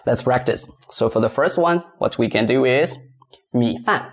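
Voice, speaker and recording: A man's voice: mid-range voice, animated, moderate pace, vocal fry. A man teaching beginners pronunciation, patiently repeating sounds and stressing tones. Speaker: Mandarin teacher.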